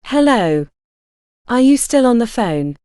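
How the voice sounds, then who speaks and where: A brusque, impatient male film director snaps his orders, voiced by a woman narrator. He sounds demanding and short on patience. The read is dry and close, with a lively rise and fall. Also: on the high side, slow, clean tone, no room sound.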